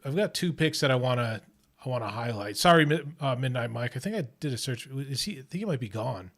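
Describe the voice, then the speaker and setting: A man's voice: mid-range voice, animated, fast talker, a bit bright. A man hosting a casual livestream chat, talking in a rambling way with lots of restarts and fillers. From Australia. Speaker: host.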